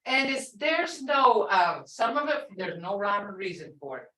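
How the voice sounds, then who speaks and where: A woman's voice: mid-range voice, very animated, measured pace, a bit bright. A woman language teacher in a classroom lesson, explaining words patiently and repeating phrases. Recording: echoey room, voice from far off.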